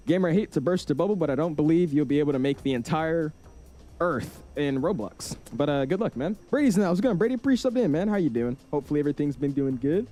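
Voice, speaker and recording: A man's voice: a little high, lively intonation, fast, mellow, soft background music. A man hosting a casual live stream, chatting while setting up a flight and greeting viewers one by one, with many fillers.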